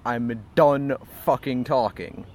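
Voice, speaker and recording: A man's voice: mid-range voice, takes it slowly, darkish tone. A man reenacting an angry male comedy show host who swears bluntly and dismisses the other person. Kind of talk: reenacted argument.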